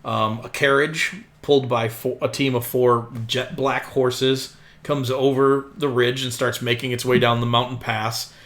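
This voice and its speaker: Bright-voiced man narrating a tabletop game. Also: medium pitch, level tone, measured pace. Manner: casual, rambling narration with fillers. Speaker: game master.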